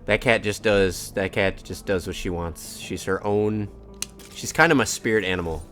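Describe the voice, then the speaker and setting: A man's voice: fairly low pitch, moderate pace, a bit bright, faint music behind. A man casually commenting on his own racing game during a live stream, chatting to his cat and to himself. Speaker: gaming streamer.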